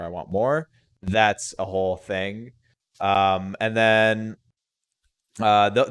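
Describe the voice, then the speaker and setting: Young man, podcast host, casual animated chat, resonant voice. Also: deep voice, no echo.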